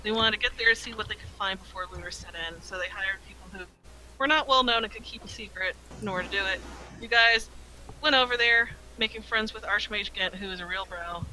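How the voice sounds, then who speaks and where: High, bright-voiced young game master. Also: male voice, a little fast, slight background noise, low-quality recording. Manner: slangy, irreverent, swears, jokey voices in passing. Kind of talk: casual recap of a tabletop game.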